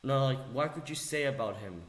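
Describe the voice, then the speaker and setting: A man in an angry vlog monologue gets sarcastic and profane, repeating phrases for emphasis. His medium-pitched voice is expressive and a little fast.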